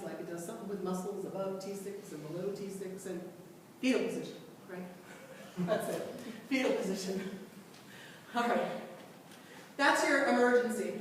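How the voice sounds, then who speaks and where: A woman teaching a class and quizzing the students, lively, recorded from far off in a large lecture room. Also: medium pitch, slight background noise. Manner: lively, asks the class questions. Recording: echoey hall from far off.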